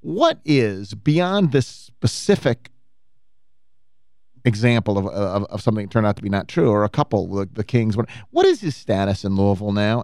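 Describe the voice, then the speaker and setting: Smooth-voiced sports radio host. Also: male voice, fairly low pitch, darkish tone, no room sound, clean studio sound. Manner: teasing, mock-prosecuting banter and crisp show segues. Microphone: studio microphone.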